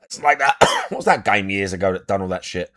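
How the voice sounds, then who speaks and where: A man's voice: on the low side, huge pitch swings, brisk, fairly bright tone, no echo, studio quality. A young adult man chatting casually as a podcast co-host, blunt and sweary, repeating his points. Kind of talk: casual chat.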